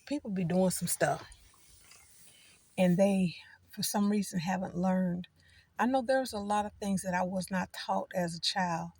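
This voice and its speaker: A woman's voice: lowish voice, darkish tone, breathy edge, no room sound. A middle-aged woman chatting casually to her viewers from a parked car, rambling from one thought to the next. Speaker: vlogger. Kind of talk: casual chat.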